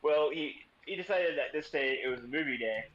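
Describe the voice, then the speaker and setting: A man's voice: a little high, fairly quick, a bit bright, lo-fi sound. A young man, a streamer, casually telling a rambling story and swearing freely.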